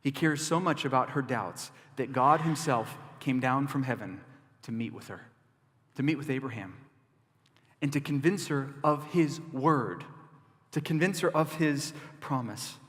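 Brief: male pastor, mid-pitched, lively emphatic preaching, long church reverb. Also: unhurried. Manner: animated, emphatic preaching with asides and chuckles. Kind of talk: sermon.

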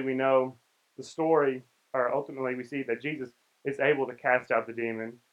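A young man preaches in a relaxed, conversational way and voices the people in the story as he goes. His voice sits at an ordinary mid pitch. The recording is muffled and lo-fi. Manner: conversational, acts out the characters' lines. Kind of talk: casual sermon.

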